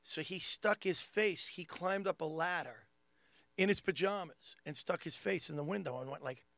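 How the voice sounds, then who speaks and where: A man telling wild family stories on a casual podcast, acting out relatives with sudden loud bursts. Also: moderate pace, gravelly, dry recording. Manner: animated storyteller who acts out family members with big jumps in pitch and loudness. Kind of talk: casual comedic storytelling.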